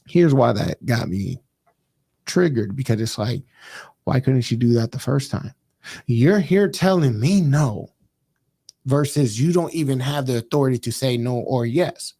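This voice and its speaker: Gravelly man telling a story with energy. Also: medium pitch, unhurried. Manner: animated, emphatic, slangy. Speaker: podcast co-host. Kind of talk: casual storytelling. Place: podcast studio.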